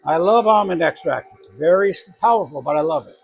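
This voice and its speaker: A man's voice: on the high side, expressive, a little fast, vocal fry. A middle-aged man from New England with a New England accent, casually demonstrating a cake recipe in his home kitchen, rambling and correcting himself as he goes. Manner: rambling, self-correcting, chatty asides. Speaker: home baking channel host.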